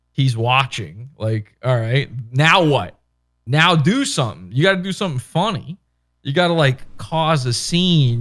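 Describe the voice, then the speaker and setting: Rambling man in casual podcast chat. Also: medium pitch. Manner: rambling, animated, acts out quotes. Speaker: podcast host.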